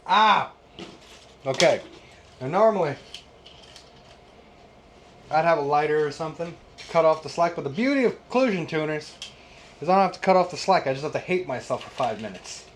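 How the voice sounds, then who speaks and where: A man's voice: fairly high pitch, expressive, moderate pace, long pauses, a little hiss or hum. A man in his thirties restringing a guitar in a casual how-to vlog, ranting with sarcastic, exasperated swearing. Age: 30s. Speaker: YouTube host.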